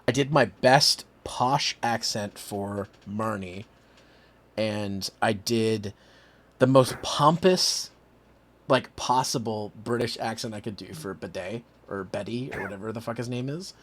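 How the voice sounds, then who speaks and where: A Canadian man hosting a casual stream chat, animated and joking. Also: fairly low pitch, measured pace. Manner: animated, laughing, trying silly voices. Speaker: streamer host.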